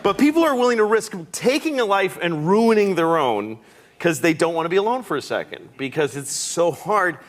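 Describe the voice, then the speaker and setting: A man's voice: sits high, normal speed. A man guesting on a talk show, telling comic stories and acting out little voices as he goes. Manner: animated, acts out voices. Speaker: comedian guest.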